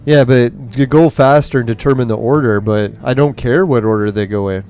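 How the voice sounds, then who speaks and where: A man's voice: mid-range voice, moderate pace, a little mellow, soft background music. A man commentating on a mobile game as he plays, ranting angrily and swearing nonstop while in nicotine withdrawal. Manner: angry swearing rant. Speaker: gaming streamer.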